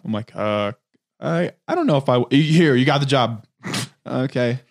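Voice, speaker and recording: A man's voice: mid-range voice, animated, fairly quick. Laughing man telling a story. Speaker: podcast co-host. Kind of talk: casual chat.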